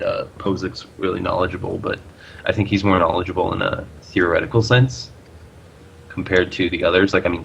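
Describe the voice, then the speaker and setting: A man guest on a casual webcast over a call. He speaks thoughtfully and in a measured way, with hesitant fillers. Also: low-pitched, creaky, a bit bright, slight background noise. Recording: dull lo-fi call audio.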